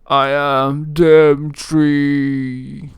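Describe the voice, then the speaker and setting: A man voicing a slow, mournful male zombie servant who speaks in halting, broken phrases. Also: a little high, little pitch movement, smooth, dry recording, clean studio sound. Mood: slow, sad.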